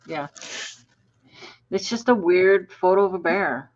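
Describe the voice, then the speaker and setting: Brisk woman on a dull, lo-fi line. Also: fairly low pitch. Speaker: podcast co-host. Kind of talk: casual podcast chat.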